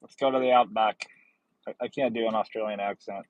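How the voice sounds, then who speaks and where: Driving deliveries while livestreaming from his car, a man chats easygoingly with viewers, answering their comments and joking at his own expense. His voice is on the low side, steady, and a little fast, recorded lo-fi with no room sound.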